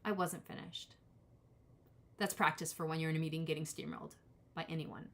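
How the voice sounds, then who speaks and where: A woman's voice: sits low, little pitch movement, fast talker. A woman in her forties giving a casual live-stream tarot reading, rambling and cutting herself off as she talks to her chat viewers. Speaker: tarot reader.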